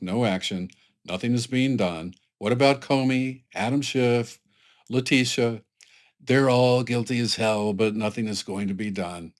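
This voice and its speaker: A man's voice: mid-range voice, close to an everyday voice. A man reading out posts in a put-on voice of a blustering, angry older male dictator who accuses others.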